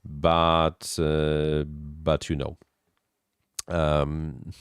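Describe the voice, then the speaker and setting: A man who is not a native English speaker, hosting a casual live stream and answering viewer questions with halting technical explanations. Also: extremely low pitch, completely flat delivery, clear, resonant tone, no echo, studio quality.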